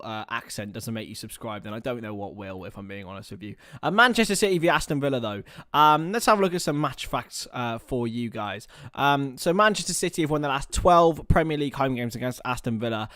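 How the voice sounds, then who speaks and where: A man's voice: medium pitch, animated, brisk, hardly any pauses, fairly bright tone, no echo. A young man chats loosely on a live stream, joking about himself and answering viewer comments. His voice sits in a middle register. It is recorded dry and close on a computer mic at home. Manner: chatty, rambling, self-mocking, reads chat aloud. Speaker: livestream host. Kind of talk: casual live-stream chat. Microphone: webcam or computer mic.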